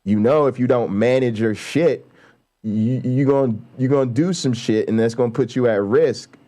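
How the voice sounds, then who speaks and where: A man's voice: mid-range voice, moderate pace, mellow. Man, livestream host, casual commentary, profane, heated, emphatic. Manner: blunt, profane, heated, builds to emphatic outbursts. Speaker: show host.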